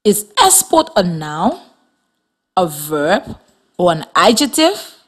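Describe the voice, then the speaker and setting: A woman teaching a children's reading lesson on radio in a slow, clear, instructive way. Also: fairly low pitch, very animated. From Liberia.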